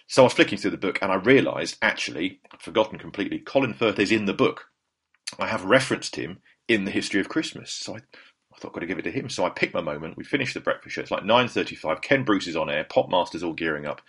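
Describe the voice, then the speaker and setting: A man's voice: sits low, lively intonation, fast, a bit bright, breathy edge. A man hosting a podcast, rambling through anecdotes in casual chat and correcting himself as he goes. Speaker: podcast host.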